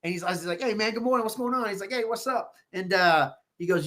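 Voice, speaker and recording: A man telling stories as a podcast guest, animated and swearing freely, quoting people in lively voices. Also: sits high, a little fast, few pauses. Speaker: podcast guest, real estate agent. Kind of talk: casual podcast interview.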